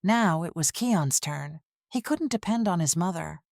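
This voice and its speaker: A woman narrates a family drama in a steady, measured way. Her voice sits on the low side and is recorded dry and close. The quoted lines get little change in voice. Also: gravelly, dry recording. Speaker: storyteller. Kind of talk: scripted narration.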